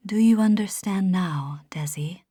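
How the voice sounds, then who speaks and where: A woman voicing a gentle, sorrowful mother who speaks in a soft, tender, near-whispered voice. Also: mid-range voice, unhurried, slightly rough, dry recording, studio quality.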